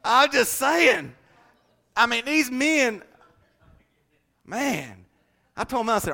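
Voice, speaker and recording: A pastor preaching to his congregation in a high, bright voice. He drops to near whispers, then climbs to ringing, shouted proclamations. His delivery is dramatic and rousing, with humor along the way. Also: sing-song, slow, pauses often. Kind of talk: sermon.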